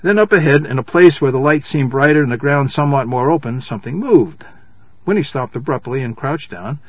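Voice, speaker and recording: A man reading a children's novel aloud at a measured pace, calling out the page numbers as he goes. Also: medium pitch, expressive, husky, no echo, highs cut off. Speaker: reader.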